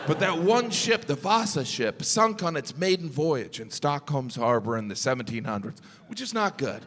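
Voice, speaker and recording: A middle-aged man doing stand-up comedy on stage, with a deadpan delivery and mock-incredulous asides. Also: a little high, moderate pace. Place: large theater stage with a laughing audience. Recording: live hall reverb, loud audience noise.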